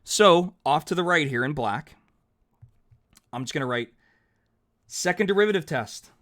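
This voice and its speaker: Here a math teacher with a fairly high, animated, somewhat bright voice walks through calculus at normal speed on a digital whiteboard. He chats cheerfully, thinks aloud, and corrects himself as each step goes down.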